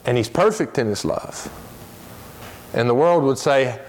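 Man, Sunday school teacher, earnest lesson delivery, slows down to stress points, reads scripture quickly. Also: mid-range voice, animated, darkish tone. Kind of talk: Bible lesson.

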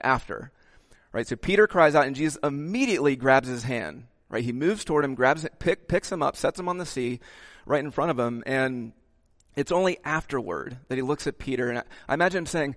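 A medium-pitched male pastor preaches a sermon with lively delivery. He throws in "okay" asides and acts out the quotes he reads.

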